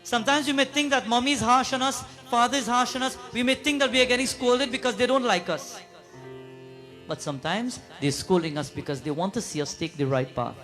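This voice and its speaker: A high-pitched man, a pundit, talks a little fast as he preaches at a prayer gathering, recounting a devotional story. He frequently addresses the audience with questions and moves into sung verses over faint, soft music.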